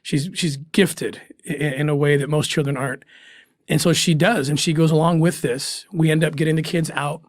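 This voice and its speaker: A man's voice: a little high, steady tone, moderate pace, no room sound, studio quality. A middle-aged man, a guest in an interview, telling a first-person story in an earnest way that halts with emotion.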